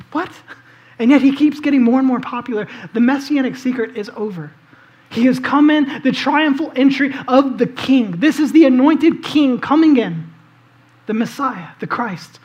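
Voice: high voice, moderate pace, a little mellow. Preacher walking folks through a bible story, real casual, lots of likes and ums, kinda dull lo-fi audio. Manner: vivid storytelling, asks listeners to imagine; casual, with frequent "like" and "um". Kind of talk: conversational sermon.

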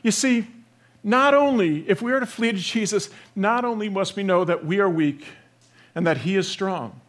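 A man's voice: high-pitched, normal speed. Man preaching with big swings in force. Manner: dynamic preaching, swings from loud emphasis to hushed softness. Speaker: pastor. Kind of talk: sermon.

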